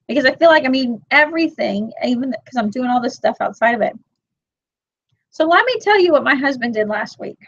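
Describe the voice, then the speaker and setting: A woman in her thirties chatting casually to her live-stream viewers, animated and quick to act out her own side of a story. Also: high-pitched, dry recording, lo-fi sound. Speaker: vlog host reading live chat.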